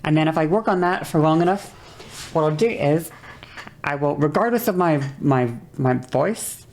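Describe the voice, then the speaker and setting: A woman's voice: sits low, lively intonation, moderate pace, darkish tone. A woman streamer chatting casually about voice technique, rambling with many restarts and apologies. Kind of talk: casual livestream chat explaining voice technique.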